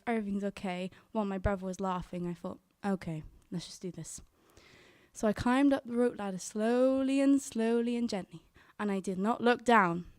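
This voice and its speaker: A woman's voice: mid-range voice, dry recording, studio quality. A young woman telling a true story to a live audience, earnestly voicing her own thoughts. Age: young adult.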